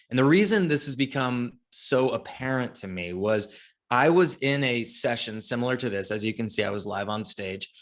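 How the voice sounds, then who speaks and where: A man's voice: lowish voice, a bit bright. A man presenting a marketing masterclass in an upbeat, chatty way, often putting questions to his listeners. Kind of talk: lively webinar teaching.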